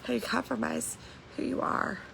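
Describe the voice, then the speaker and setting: A woman's voice: fairly high pitch, steady tone, moderate pace, vocal fry, noisy background. A woman hosting a casual livestream from home, talking candidly in a rambling way, swearing freely and laughing between lines. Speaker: livestream host.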